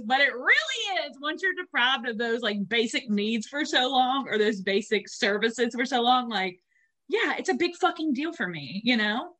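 A young woman co-hosting a podcast, chatting casually and swearing freely as she tells animated stories with acted-out quotes. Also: fairly high pitch, normal speed. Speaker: podcast co-host. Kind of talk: casual chat.

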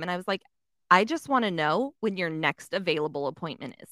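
A woman tells a story in casual conversation, swearing often, filling gaps with "like," and acting out other people's voices. Her voice is on the low side but bright and forceful, with lively intonation and a brisk pace. The recording is studio quality with no room sound.

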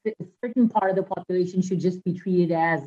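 A woman co-hosting a podcast, talking in a casual discussion, halting and repeating words. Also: fairly low pitch, mellow. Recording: dull lo-fi audio.

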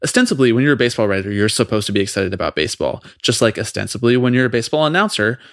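A man co-hosting a podcast, ranting in a fast, profane, exasperated way about something that annoys him. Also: mid-range voice, expressive, a bit bright, no room sound, studio quality. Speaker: podcast co-host. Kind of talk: heated casual podcast rant.

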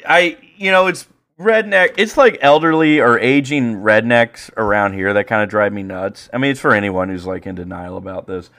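A man co-hosting a casual podcast, talking in a profane, excitable way and breaking into loud rants. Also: fairly low pitch, moderate pace, hardly any pauses. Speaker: podcast co-host.

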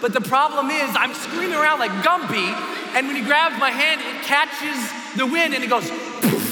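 A man giving a motivational speech on stage, telling a story with animated shouting and bursts of screaming, in an echoey hall. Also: very high voice, normal speed, heavy background noise. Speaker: motivational speaker.

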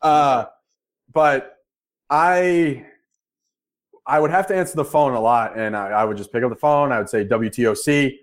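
A man's voice: mid-range voice, moderate pace, long pauses. Blunt, dry-humored podcast co-host man. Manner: blunt, dry, crude jokes. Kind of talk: casual sports podcast banter.

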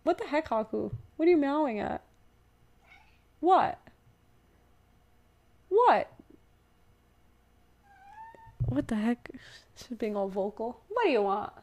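A young woman hosting her own podcast, talking casually and rambling, with lots of fillers and self-corrections. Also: mid-range voice. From United States. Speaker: podcast host. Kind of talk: casual solo podcast monologue.

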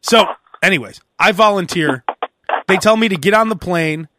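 A man's voice: sits high, moderate pace, noisy background. A man hosting a podcast, telling a casual story with lots of laughter and acted-out voices of the people in it. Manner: animated, mimics people in his stories, laughs a lot. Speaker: podcast host.

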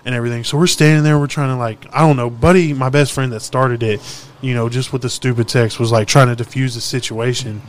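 Fast-talking profane young man storyteller. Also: medium pitch, a little hiss or hum. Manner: profane, animated storyteller acting out quotes. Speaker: podcast host. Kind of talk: casual storytelling chat.

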